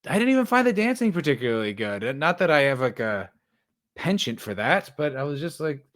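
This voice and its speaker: Male podcast host, young adult, slightly high voice, sarcastic rambling solo commentary. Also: sing-song, brisk, fairly bright tone.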